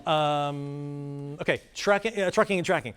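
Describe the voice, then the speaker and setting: A man's voice: fairly high pitch, measured pace, slight background noise. Rambling man giving a workshop talk. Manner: rambling, self-deprecating, animated. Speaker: workshop presenter. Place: conference room before a live audience.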